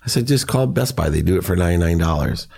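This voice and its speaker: A man's voice: low voice, expressive, fast talker, gravelly, darkish tone, slightly rough. A middle-aged man, a podcast guest, telling personal stories in an earnest, emotional way. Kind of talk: personal storytelling.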